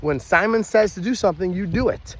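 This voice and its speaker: A young adult man working as a party entertainer speaks fairly quickly, explaining kids' party games in an energetic how-to style. When he acts out the calls, he breaks into loud, high shouts.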